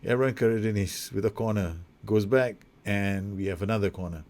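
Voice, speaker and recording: A young man with a slightly low voice talks through a football management game in casual let's-play commentary. He calls the action play-by-play, gets excited at goals and trips over his words with quick corrections and asides.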